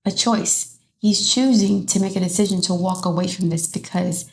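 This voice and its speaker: Rambling woman with a gravelly voice. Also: mid-range voice, moderate pace, a little hiss or hum. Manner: rambling, with many restarts. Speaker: tarot reader. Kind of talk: casual tarot reading.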